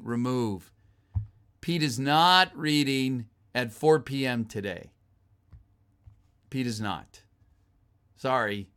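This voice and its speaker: A man hosting a casual live stream, chatting with viewers, thanking them and answering their messages with plenty of fillers and sudden excited outbursts. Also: medium pitch, slow. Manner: chatty and grateful, with frequent fillers and bursts of excited exclamations.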